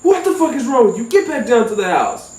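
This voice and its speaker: A man voicing his exasperated cousin, scolding loudly and cursing. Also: very high voice, big pitch swings, a little fast, distant mic, voice pushed up. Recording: roomy echo, off-mic.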